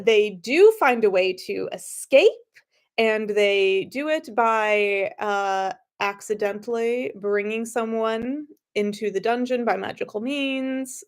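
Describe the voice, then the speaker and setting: A woman, the author of the story, who gives a chatty summary with fillers and restarts and then reads her story aloud. She is slightly sniffly and not a professional narrator. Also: mid-range voice. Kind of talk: casual story introduction and reading.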